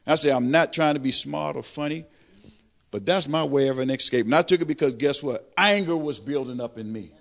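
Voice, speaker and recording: An older man preaching a testimony sermon, animated, swelling louder on praise lines. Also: fairly high pitch, a little fast, vocal fry. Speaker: lay preacher.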